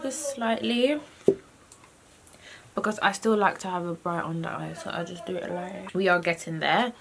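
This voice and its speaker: A woman in her twenties, chatting softly as she narrates her makeup steps at home. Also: on the low side, normal speed, gravelly. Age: 20s. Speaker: vlogger. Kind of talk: casual chat. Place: at home, getting ready. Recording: noisy home video recording.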